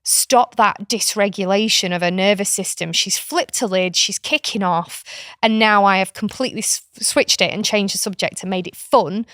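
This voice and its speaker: A woman's voice: medium pitch, moderate pace, a bit bright, dry recording, studio quality. A middle-aged British woman talking frankly and chattily as a podcast guest, explaining a parenting approach. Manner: frank, chatty explainer who slips into playful voices. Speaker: podcast guest, author and kinship carer. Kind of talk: casual podcast conversation.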